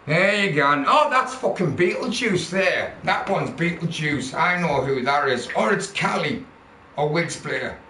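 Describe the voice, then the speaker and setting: A man's voice: fairly high pitch, lively intonation, a little slow, pushed and bright. A man ranting angrily on a livestream, swearing constantly and heckling his viewers. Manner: profane, heckling, mocking. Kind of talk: angry livestream rant. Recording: roomy echo, faint background noise.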